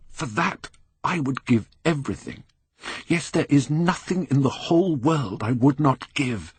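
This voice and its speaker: A man's voice: mid-range voice, breathy edge, no room sound, pitched above the performer's own voice. A man voicing an anguished, vain young man who pleads and breaks into despairing outbursts. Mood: mournful.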